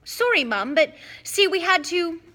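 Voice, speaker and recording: A woman's voice: extremely high pitch, expressive, measured pace, pushed and bright, voice pushed up, exaggerated voice. A woman reading aloud, voicing a cheeky teenage boy wizard pleading with his mother.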